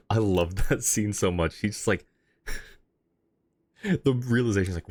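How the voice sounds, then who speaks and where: A man's voice: on the low side, measured pace, long pauses, a little mellow. A man streaming a video game, chatting casually, laughing often and going off on rambling asides. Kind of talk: casual live commentary.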